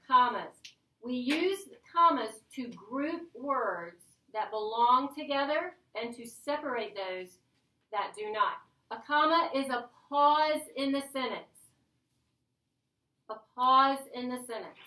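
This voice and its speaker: A woman's voice: high voice, pushed and bright. A woman teacher giving a playful, chatty grammar lesson to her class. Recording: echoey classroom from a distance.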